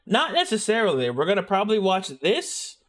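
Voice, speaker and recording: A man's voice: high-pitched, a little fast, noisy background. A young man streaming live, joking around and chatting with his viewers as he reacts to a video. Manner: joking, animated, talks to chat.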